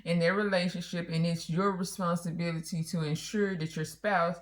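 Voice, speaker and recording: A woman co-hosting a casual chat, an animated storyteller who acts out other voices. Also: on the low side, moderate pace. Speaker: co-host.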